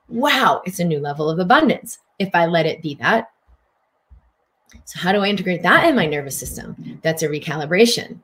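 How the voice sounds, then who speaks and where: Woman, middle-aged, wellness teacher, casual spiritual talk, gentle flowing delivery, lowish pitch. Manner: gentle, flowing, affirmation-like phrasing, laughs easily. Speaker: wellness speaker.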